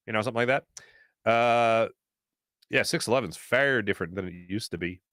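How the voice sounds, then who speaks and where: A man hosting a casual talk show, rambling through stories with many fillers and animated asides. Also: fairly low pitch, fairly quick, no echo, studio quality. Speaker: show host.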